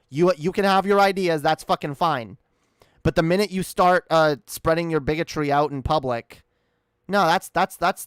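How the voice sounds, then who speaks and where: A man's voice: on the high side, a bit bright, clean tone, no room sound, clean studio sound. A man giving casual, profane reaction commentary on a video, incredulous and rambling. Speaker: commentary streamer.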